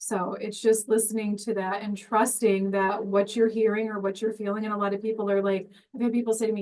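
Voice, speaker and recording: A woman's voice: medium pitch, fairly quick, hardly any pauses. Woman co-host, earnest storyteller, slightly distant from the mic. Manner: earnest, animated storyteller with examples. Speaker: podcast co-host. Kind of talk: casual spiritual chat. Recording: voice a bit off-mic.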